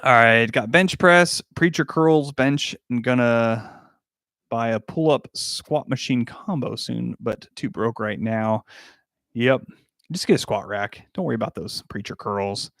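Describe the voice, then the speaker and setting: A man's voice: medium pitch, measured pace, fairly bright tone, no room sound, clean studio sound. Jokey young man chatting on a livestream. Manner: laughs often, jokey, reacts to chat comments. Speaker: livestream host answering chat. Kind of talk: casual livestream chat.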